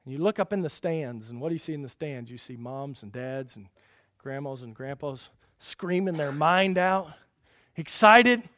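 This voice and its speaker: A man preaching a sermon in a fairly high voice, recorded dry and close with little room sound. He swings from loud, emphatic peaks down to quiet, low passages, firing rhetorical questions at the congregation. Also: dry recording. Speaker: pastor.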